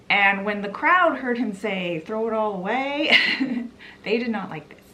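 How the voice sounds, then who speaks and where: Woman host, casual book recap, slow delivery. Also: medium pitch. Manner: chatty, relaxed retelling.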